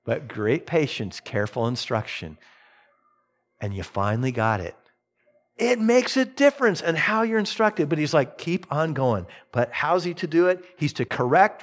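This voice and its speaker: A male pastor delivering a sermon, his voice sitting a little high for a man and swinging widely in pitch. He is middle-aged and animated, and he slips into quick impressions when he tells a story.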